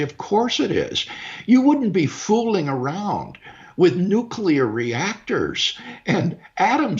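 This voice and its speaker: A man argues in a debate in a measured, academic and emphatic way, and his pitch rises and falls a lot. His voice sits a little high for a man. The clip is dull and lo-fi. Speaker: philosopher in a debate. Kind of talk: debate discussion.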